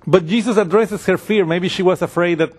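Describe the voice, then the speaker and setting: Conversational preacher, man, slightly high voice. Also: a little fast, breathy edge. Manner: conversational, acts out voices of the people in the story. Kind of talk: sermon.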